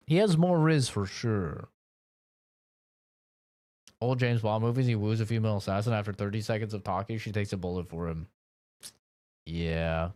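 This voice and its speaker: Brief: young male streamer, laid-back profane gaming chat, drawn-out delivery with a lively, swinging pitch. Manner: laid-back, profane, rambling with frequent "like" and laughs. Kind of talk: casual gaming commentary.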